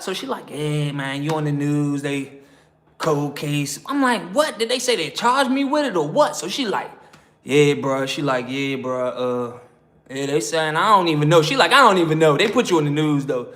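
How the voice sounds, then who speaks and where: A man's voice: high voice, sing-song, moderate pace, fairly bright tone. A man with an American accent telling a prison story in casual slang, acting out the voices of the people he quotes. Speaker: prison story channel host.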